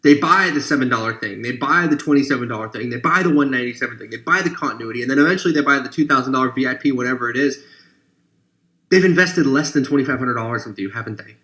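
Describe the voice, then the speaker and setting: A man giving a persuasive webinar pitch to coaches, emphatic and sarcastic as he builds long lists. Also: fast, sharp tone. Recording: echoey room.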